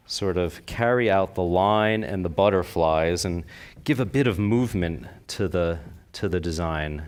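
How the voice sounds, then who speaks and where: A man's voice: low-pitched, darkish tone. A man giving a live floral design demonstration to an audience, chatty and enthusiastic, often asking them questions. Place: convention stage before an audience.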